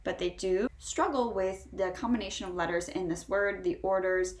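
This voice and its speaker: American woman, english pronunciation teacher, slow drawn-out example words, middle pitch, roomy echo. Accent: General American. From United States. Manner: slow, drawn-out model words between brisk explanations. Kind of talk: pronunciation lesson.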